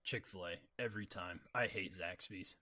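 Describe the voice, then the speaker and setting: Bright-voiced, laid-back podcast co-host man. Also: low voice, normal speed. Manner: laid-back, laughs easily. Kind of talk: casual chat.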